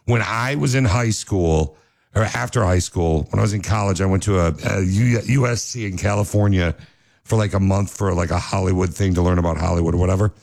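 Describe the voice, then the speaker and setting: A low, gravelly-voiced man bantering playfully as a radio co-host. His delivery is jokey and loose, with a dry, close sound. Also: brisk, darkish tone, no room sound.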